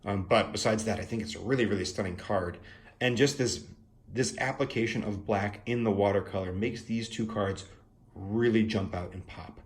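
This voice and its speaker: A man's voice: on the low side, normal speed. A young man casually reviewing the art of a card deck, musing and thinking aloud, with playful asides and many fillers.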